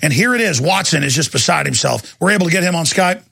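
A man hosts a talk radio show with a high, forceful voice that rasps into gravel. He talks in an intense, rapid rush and mocks others in quoted asides. The studio sound is dry and close. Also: animated, no echo.

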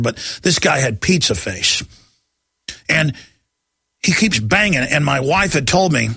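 A man's voice: medium pitch, vocal fry, pushed and bright, breathy edge, no room sound. A middle-aged man hosting a talk radio show, ranting in a heated, agitated monologue.

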